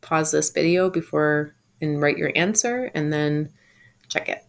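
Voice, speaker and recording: A woman teacher giving a recorded lesson from home, explaining patiently and saying example phrases slowly and clearly. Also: low-pitched. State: home sick. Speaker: Spanish teacher.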